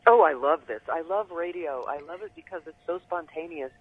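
Guest on a phone line: husky, slightly high, tinny call audio, chatty and thoughtful. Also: male voice, expressive, a little fast. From United States. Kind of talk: casual radio interview.

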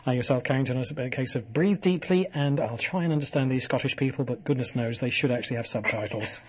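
Jokey husky radio host. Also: male voice, mid-range voice, fast. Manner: jokey, rambling, playful. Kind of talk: radio show presenting.

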